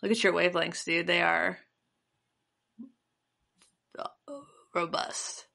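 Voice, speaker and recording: Bright, gravelly-voiced woman host. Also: fairly low pitch, flat delivery. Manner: quick, chatty, asks questions. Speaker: podcast co-host. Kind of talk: casual chat. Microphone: remote call setup.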